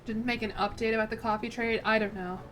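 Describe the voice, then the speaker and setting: A woman's voice: on the high side, fairly even intonation, quick pace, a bit bright, slight background noise. A young woman streaming a strategy game, chatting casually and thinking aloud in a self-deprecating way. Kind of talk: casual gameplay commentary.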